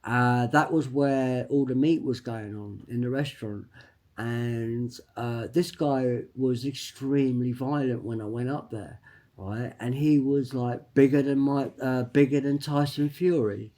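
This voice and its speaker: A man at a mid-range pitch delivers a rambling personal monologue. He stops and restarts often and repeats words. He presses his points and keeps tagging them with a quick "right?". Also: fairly even intonation, dark tone. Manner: emphatic, tags lines with "right?". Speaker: vlogger.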